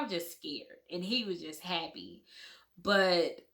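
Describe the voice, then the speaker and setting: A woman's voice: fairly low pitch, unhurried, pushed and bright. A young adult woman telling her birth story to viewers in a candid, emotional, casual storytime, swearing freely.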